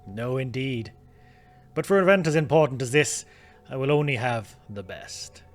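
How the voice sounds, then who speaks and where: A man voicing a proud, aging Irish manor lord in a game, with an Irish accent and formal, measured speech. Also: mid-range voice, animated, soft background music, lightly acted. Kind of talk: reading game dialogue aloud.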